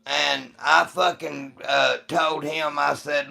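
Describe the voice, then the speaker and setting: A man's voice: fairly high pitch, little pitch movement, slow pace, gravelly, hardly any pauses, sharp tone. A man hosting a livestream, telling a long story to his chat in a rambling, profane way. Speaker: livestream host. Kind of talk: casual storytelling to live chat.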